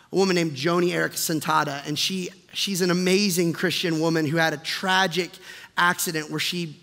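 Male pastor, high bright voice, impassioned sermon delivery, long church-hall reverb. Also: creaky. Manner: impassioned, builds from hushed to loud. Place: church sanctuary.

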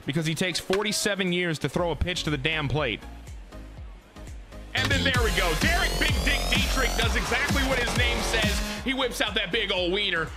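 A man giving live gameplay commentary, excitable and full of profane trash talk. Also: high-pitched. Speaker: gaming YouTuber.

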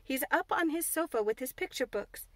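A woman's voice: high-pitched, animated, moderate pace, no room sound. A woman voicing an anxious, homely young housemaid in broad dialect, in a dry close recording. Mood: hurried. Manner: broad dialect, plain and warm-hearted.

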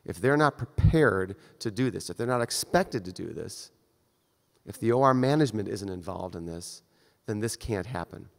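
A man's voice: on the low side, animated, normal speed, gravelly. A male surgeon giving a conference lecture in a direct, conversational way. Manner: conversational, direct, acts out brief exchanges. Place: lecture hall. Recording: long reverb of a lecture hall.

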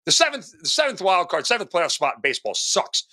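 A man co-hosts a sports betting show and rants about his picks in a lively, sharply bright voice that swings high and low. His exasperated, profane tirades keep coming back to "okay?", heard dry and close to the mic. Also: brisk, no echo. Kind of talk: ranting sports betting talk.

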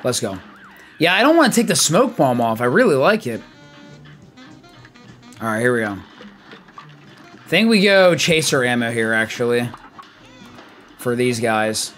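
A young man giving lively live commentary on his game, chatty and hyped, greeting viewers by name. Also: mid-range voice, unhurried, pauses often, soft background music. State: out of breath. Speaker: streamer.

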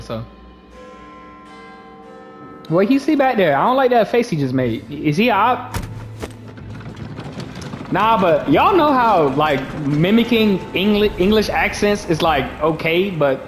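A young man commenting on a video game in an excited, slangy, joking way. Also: on the high side, moderate pace, long pauses. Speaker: gaming streamer. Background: game music.

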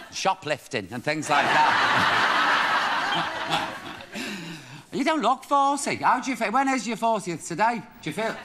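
A man hosting a TV chat show, reading viewers' letters with cheeky, quick-witted comic asides. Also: high voice. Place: TV studio with live audience. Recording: TV broadcast with loud audience and noise.

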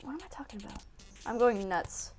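A young woman giving excitable gameplay commentary into a desk mic, talking to herself with lots of exclamations. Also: a little high, a little fast, faint music behind. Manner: excitable self-talk, frequent exclamations and laughs. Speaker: gaming channel host. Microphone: desk microphone.

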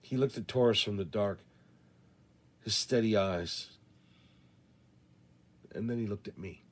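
A male audiobook reader telling a first-person western story. He reads in a measured, deliberate way, slow and unhurried, his voice on the low side.

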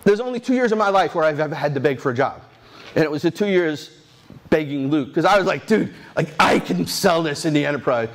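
A man in his sixties giving a rambling, animated talk at a tech conference, telling stories with many restarts and asides. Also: fairly high pitch, brisk. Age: 60s. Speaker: conference speaker. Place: conference stage.

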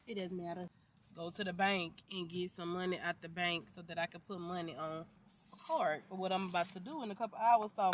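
A woman's voice: on the low side, steady tone, fairly quick. A young woman vlogging from her car, chatting casually in a rambling, chatty way and swearing now and then. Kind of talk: casual vlog chat. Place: inside a car. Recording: loud car and road noise.

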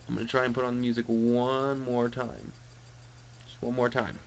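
A man's voice: mid-range voice, little pitch movement, normal speed, gravelly, muffled recording, a little hiss or hum. A young Canadian man with a Canadian accent, chatting to viewers while he plays a racing game live. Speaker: let's play streamer.

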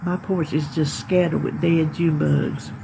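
A woman's voice: deep voice, steady tone, unhurried, creaky, noisy background. A middle-aged woman with a Southern American accent, chatting to camera on her porch and laughing often as she tells stories. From Southern United States. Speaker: weight-loss vlogger. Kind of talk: casual chat to camera. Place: home porch, outdoors. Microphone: phone camera.

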